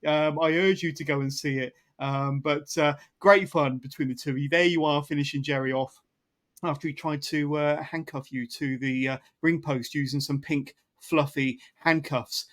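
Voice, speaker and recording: A man hosts a casual podcast interview with an enthusiastic, rambling delivery full of fillers. His voice sits fairly high for a man. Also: steady tone, normal speed, fairly bright tone. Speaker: podcast host.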